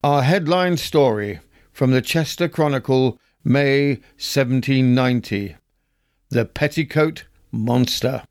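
A man reads old newspaper stories aloud as a podcast host, taking his time over every phrase. His delivery is measured and wry, in a middle pitch. The sound is dry and close, with no room around it. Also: dry recording.

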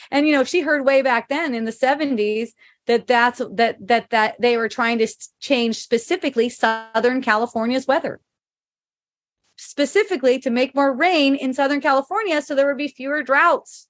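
A woman's voice: high voice, moderate pace, no room sound, studio quality. A middle-aged woman hosting a casual spiritual chat, reading viewer comments aloud, laughing often and swearing freely.

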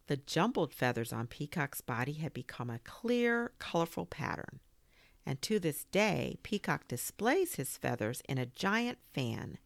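Slow, low-voiced woman reading a children's story. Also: vocal fry, no room sound. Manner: gentle, expressive read-aloud. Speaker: storyteller and podcast host.

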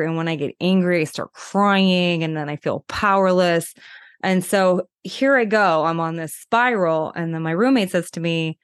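A woman in her thirties hosting a podcast, telling a personal story in a candid, conversational way with many fillers and slowing down for breathing steps. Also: fairly low pitch, clear, resonant tone, no echo, clean studio sound. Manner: speeds up when worked up, slows for breathing steps. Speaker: podcast host and body worker. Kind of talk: personal storytelling, guided reflection.

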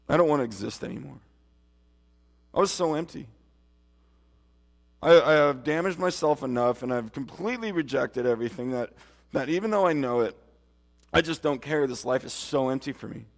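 A man's voice: mid-range voice, lively intonation, normal speed. A man preaching a sermon and giving his testimony, earnest and emphatic, speaking straight to his listeners. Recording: long hall reverb.

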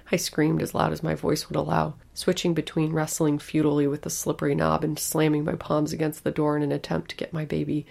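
A woman narrating a scripted horror story in a hushed, breathy way. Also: deep voice, completely flat delivery, brisk, hardly any pauses.

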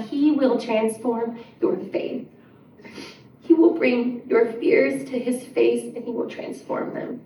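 A woman with a slightly high voice preaches to her congregation, earnest and pleading, climbing to emphatic peaks. She is heard from some distance in a reverberant church room, with faint room hiss underneath. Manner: earnest, rising to emphatic, drops to soft prayer. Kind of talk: sermon. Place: church sanctuary. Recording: echoey church room, mic set back.

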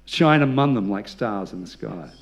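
A man's voice: fairly low pitch, lively intonation, moderate pace, vocal fry, faint music behind. A male pastor preaching a sermon, telling stories with humor and leading the congregation in call-and-response.

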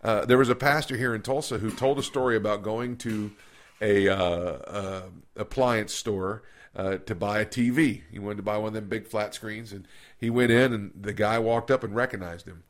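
A man's voice: fairly low pitch, normal speed. A man co-hosting a podcast from an office, telling stories in a casual, folksy way that is full of restarts and repeated words. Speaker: podcast co-host. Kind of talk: casual conversational storytelling. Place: office recording room.

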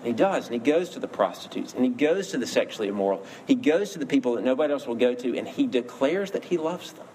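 A man's voice: medium pitch, animated, quick pace, hardly any pauses, darkish tone. A man preaching a sermon in an earnest storytelling manner, lifting his voice for emphasis, with faint ambient noise behind him. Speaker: pastor.

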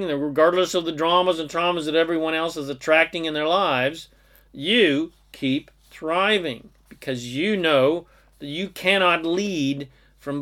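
Emphatic self-help man, fairly high voice. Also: fairly bright tone. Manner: emphatic, lists things in long run-on strings. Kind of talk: motivational monologue.

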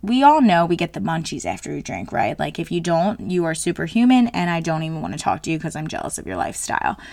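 A woman's voice: fairly low pitch, huge pitch swings, fast, creaky, darkish tone, no echo. A woman in her late twenties talking casually as a solo host, frank and jokey, full of fillers. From New Jersey. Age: 20s.

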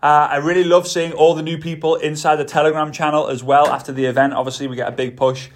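A man's voice: a little high, level tone, fast. A man with a Liverpool Scouse accent hosting a solo podcast as a network marketing coach, talking in an enthusiastic, sing-song way and repeating words for emphasis. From Liverpool, England.

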